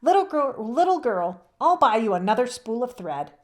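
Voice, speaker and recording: A woman's voice: sing-song, moderate pace, darkish tone. A woman doing a flustered tiny old lady. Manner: high, fretful calling.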